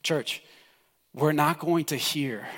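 Impassioned high-voiced preacher in a reverberant hall. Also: male voice, normal speed. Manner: impassioned, swings from loud pleading to hushed. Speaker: pastor. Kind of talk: sermon.

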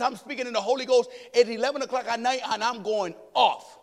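A man preaching as an evangelist, telling a story dramatically, swinging from hushed tones to shouts. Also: very high voice, brisk, hardly any pauses. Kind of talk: sermon storytelling. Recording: long hall reverb.

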